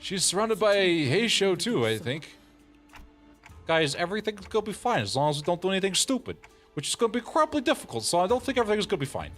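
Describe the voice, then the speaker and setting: A man's voice: high-pitched, fast talker, soft background music. A man streaming a video game, reading its text aloud and breaking off into jokes and asides. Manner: joking, animated asides.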